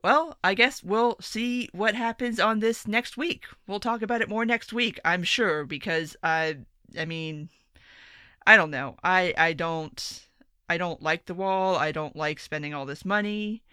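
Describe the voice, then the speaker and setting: A woman's voice: lowish voice, unhurried, bright, forceful tone, clean tone, no room sound, studio quality. A woman hosting a solo commentary podcast, talking in a blunt, profane, rambling rant. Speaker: podcast host.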